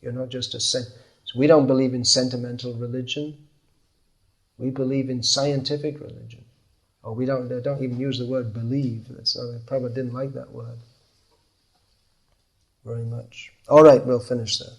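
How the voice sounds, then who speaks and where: A man's voice: medium pitch, little pitch movement, normal speed, gravelly, pauses often. A man giving a scripture class in a conversational way, often acting out the replies of the people he describes. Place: class in Bangalore.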